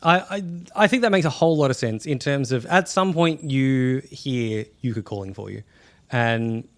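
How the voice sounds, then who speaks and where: A man running a tabletop role-playing game, narrating scenes and joking with his players in a relaxed, playful way. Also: medium pitch. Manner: easygoing, playful, punning. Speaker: game master.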